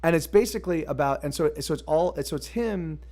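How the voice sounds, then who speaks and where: A man streaming live as a musician, chatting casually between songs in a rambling, halting way, restarting his sentences often and swearing now and then. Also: fairly high pitch, expressive. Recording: loud guitar music behind.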